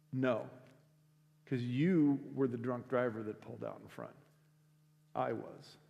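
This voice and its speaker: A man's voice: medium pitch, animated, a little slow, creaky, long pauses, warm tone. A man telling a story in a sermon to a school assembly, acting out the people in it as he goes. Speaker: speaker at a school week of prayer. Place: large school chapel or auditorium. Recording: long hall reverb.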